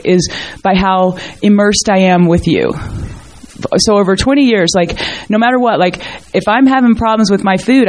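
A woman's voice: medium pitch, a little mellow. A middle-aged woman giving a candid, earnest personal testimony at a recovery meeting, rambling with many fillers and restarts. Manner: earnest and emotional, mild swearing.

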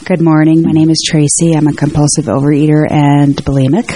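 A woman's voice: deep voice, flat delivery, fairly quick, dark tone. A woman in a support group, earnestly sharing a letter aloud and close to tears.

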